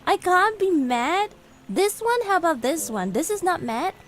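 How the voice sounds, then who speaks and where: A woman's voice: very high voice, sing-song, unhurried, soft background music. A woman streaming live and chatting casually with her viewers in a giggly, bubbly way. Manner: giggly, bubbly, reacting aloud to chat. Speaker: VTuber streamer.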